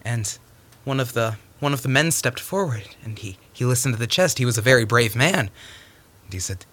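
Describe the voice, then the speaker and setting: Animated man telling a folktale. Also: mid-range voice, normal speed. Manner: animated, stumbling restarts, sudden hushes. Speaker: storyteller.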